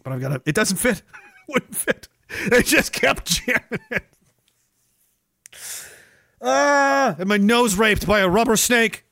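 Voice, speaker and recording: A man's voice: high voice, animated, takes it slowly, vocal fry, pauses often, sharp tone, no echo. A man hosting a livestream, ranting sarcastically and profanely while reading viewer comments aloud. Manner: profane, sarcastic, acts out mocking voices. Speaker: livestream host.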